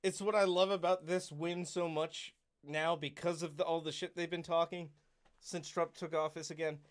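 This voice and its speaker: A man's voice: on the high side, flat delivery, normal speed. A man chatting casually as a podcast co-host, blunt and profane, often chiming in with short agreement. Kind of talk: casual chat.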